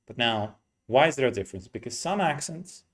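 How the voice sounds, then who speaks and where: A man teaching English pronunciation in an unhurried way. His voice sits at an ordinary middle pitch, and he breaks up his explanations by saying the vowel sounds aloud again and again. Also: lively intonation, a bit bright. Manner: explains slowly, demonstrates vowel sounds by repeating them.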